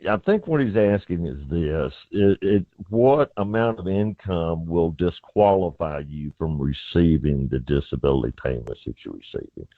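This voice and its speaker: A man's voice: sits low, lively intonation, moderate pace, creaky, few pauses, no echo. A middle-aged man with a Southern accent, a lawyer giving plain-spoken, folksy legal advice by phone on a call-in radio show. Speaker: constitutional lawyer, legal guest. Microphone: phone line into studio. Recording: tinny phone line.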